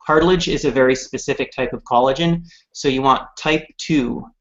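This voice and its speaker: On a live-streamed product chat, a company representative in his thirties talks casually and cheerfully, using plenty of fillers. His voice is medium-pitched with a fairly bright tone, and the audio comes through dull and lo-fi.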